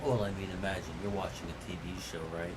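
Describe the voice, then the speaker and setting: Laid-back joking man over loud hiss. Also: sits low, steady tone, quick pace. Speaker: co-player on a game stream. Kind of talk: casual gameplay chat.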